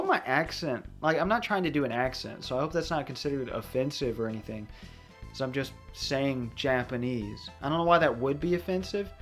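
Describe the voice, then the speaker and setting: A man's voice: medium pitch, a bit bright. A young man giving casual, rambling commentary over a video game he is playing, drifting into chatty asides. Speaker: let's play commentator.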